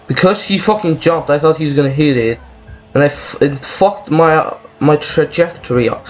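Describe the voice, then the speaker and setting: A man's voice: medium pitch, normal speed, highs cut off, a little hiss or hum. A man giving angry gameplay commentary, swearing and ranting about lag as he plays. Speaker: gaming video creator.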